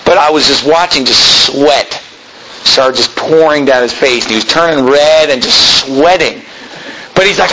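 A man's voice: a little high, animated, moderate pace, background noise. A man preaching a sermon in a conversational storytelling way, with many fillers and acted-out quotes. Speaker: pastor.

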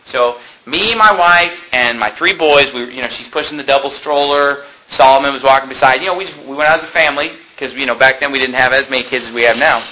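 A young man preaching a fiery sermon, joking one moment and shouting the next. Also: mid-range voice, quick pace, few pauses, poor audio. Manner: impassioned, swings between joking and shouting.

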